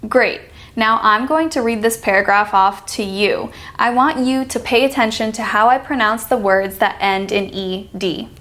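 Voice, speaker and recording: A woman with an American accent teaching an online pronunciation lesson, reading example words slowly and deliberately. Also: fairly high pitch, a bit bright.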